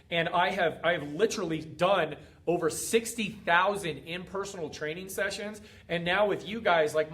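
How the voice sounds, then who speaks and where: Middle-aged man, fitness coach, motivational talk, emphatic and preachy, slightly high voice. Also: a bit bright. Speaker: fitness coach and group host.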